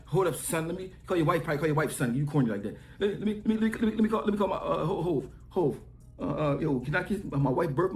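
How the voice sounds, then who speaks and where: A man putting on the halting, stammering voice of a timid young man. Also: fairly high pitch, reverberant, pitched below the performer's own voice. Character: timid, bumbling young man mocked as a pushover.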